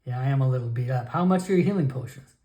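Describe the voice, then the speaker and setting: A man's voice: medium pitch, fast talker, mellow, lightly acted. A man voicing a wary male hobgoblin traveler who speaks hesitantly and stumbles over his words. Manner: hesitant, stammering restarts.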